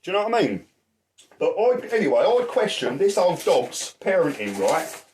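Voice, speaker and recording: A man's voice: fairly high pitch, big pitch swings, normal speed, darkish tone, slight background noise. A man ranting angrily in a vlog, swearing constantly and asking "right?" as he goes. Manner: shuffles through papers, voice drifts from the mic. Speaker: activist vlogger.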